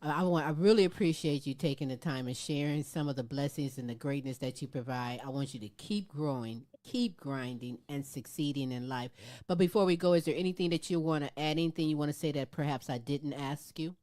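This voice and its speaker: A woman's voice: low-pitched, brisk, dark tone. A woman hosting a casual interview, chatty and encouraging, laughing often. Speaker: talk show host.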